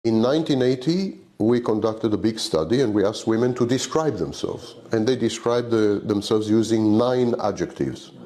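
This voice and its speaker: A man in a played clip explaining study results in a measured lecture style, listing examples. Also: lowish voice, dark tone.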